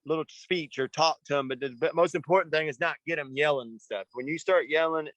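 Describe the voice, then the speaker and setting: A man's voice: a little high, a little fast, fairly bright tone, no echo, poor audio. A man coaching young motocross riders, talking in an earnest, rambling way and often asking "you know what I mean.". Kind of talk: casual coaching talk.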